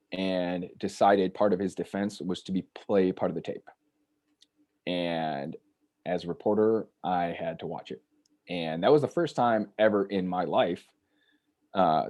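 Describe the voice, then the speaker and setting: A man with a low, darkish voice appears as a guest, an author and journalist, telling stories in casual conversation. He rambles and acts out the voices of the people he quotes.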